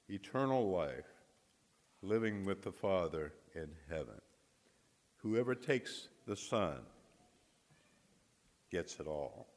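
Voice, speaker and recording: A man preaching a sermon, telling a story with dramatic pauses and emphatic repetition. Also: sits low, big pitch swings. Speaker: guest preacher. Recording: long hall reverb.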